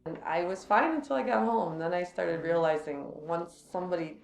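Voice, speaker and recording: A woman's voice: fairly low pitch, moderate pace, gravelly, roomy sound, slight background noise, poor audio. A woman casually telling a personal story to friends, laughing often and acting out what people said. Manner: animated, laughs often, acts out quotes.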